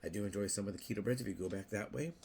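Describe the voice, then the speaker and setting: Gravelly, low-voiced older man rambling to camera. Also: rapid-fire, a little mellow, a little hiss or hum. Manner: rambling, repeats words and restarts often; playful, acts out little quoted voices. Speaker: YouTube vlogger. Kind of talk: casual monologue to camera.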